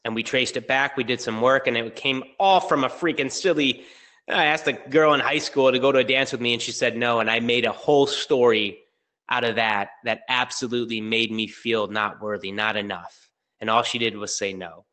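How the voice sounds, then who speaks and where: Energetic male business coach, 30s, bright voice, storyteller. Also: medium pitch, moderate pace. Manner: energetic storytelling, acting out both sides of a dialogue. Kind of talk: motivational webinar talk.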